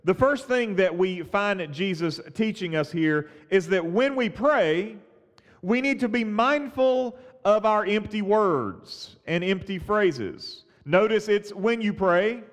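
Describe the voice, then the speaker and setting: A man preaching a sermon as a pastor, earnest and halting, often restarting his phrases. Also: high-pitched, expressive, big-room sound.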